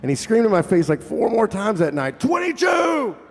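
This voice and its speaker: A man's voice: sits high, expressive, a little fast, gravelly, darkish tone. A man, a singer-songwriter, chatting casually and joking with a live audience between songs, swearing freely. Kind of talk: casual stage banter. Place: live concert venue. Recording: live hall reverb with faint guitar.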